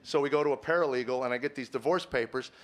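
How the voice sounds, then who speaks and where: Middle-aged man, stand-up comic, earnest confessional delivery, halting repeats, shifts from quiet to preachy, mid pitch. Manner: earnest, stammers with repeated words, swings from quiet musing to emphatic preaching. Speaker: comedian. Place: stage before a live audience.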